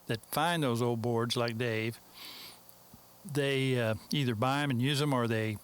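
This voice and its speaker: A mastering engineer from Texas, appearing as an interview guest, tells a long story in a relaxed, folksy way, rambling and leaning on fillers like "so anyway." His voice is an ordinary middle pitch for a man, unhurried and clean.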